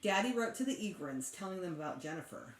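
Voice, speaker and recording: A teacher reading a children's chapter book aloud with expressive, animated storytelling. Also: female voice, lowish voice, quick pace. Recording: echoey room.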